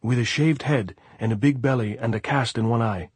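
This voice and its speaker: A man voicing a young male Spanish guerrilla messenger who shouts and pleads urgently. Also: mid-range voice, brisk, slightly rough, dry recording, voice pushed up, lightly acted. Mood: answering.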